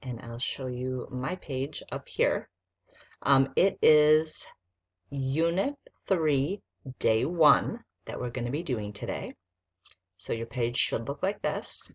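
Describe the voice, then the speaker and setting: A woman teacher giving a recorded spelling lesson to young students, dictating slowly and sounding out letters one at a time. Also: extremely low pitch, lively intonation, breathy edge.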